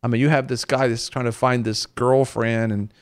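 A man in ministry talks faith with friends in a lively, preacherly way. He stops and restarts often and slips into quoted voices. His voice sits at an ordinary middle pitch. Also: normal speed, smooth. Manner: animated, acts out quoted voices. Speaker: minister on a faith talk show. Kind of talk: conversational preaching.

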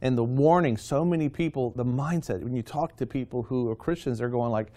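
A man's voice: medium pitch, fairly quick, few pauses, mellow. A man hosting a Christian talk show, preaching in an urgent, emphatic way. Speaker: host.

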